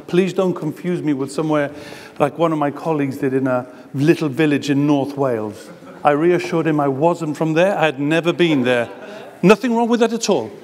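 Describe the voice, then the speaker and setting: A man's voice: fairly high pitch, normal speed, darkish tone. A man with a Gibraltarian accent giving a chatty conference talk, with many ums. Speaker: conference speaker. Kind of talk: conference presentation. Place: conference hall. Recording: long hall reverb.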